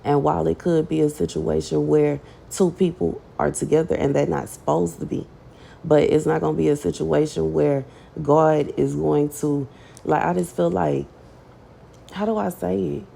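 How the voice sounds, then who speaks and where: A woman's voice: deep voice, fairly even intonation, normal speed, vocal fry, warm tone, slightly rough. A woman giving a casual prophetic message to her online audience, chatty and emphatic, with slang and scripture read aloud. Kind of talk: casual prophetic preaching to camera.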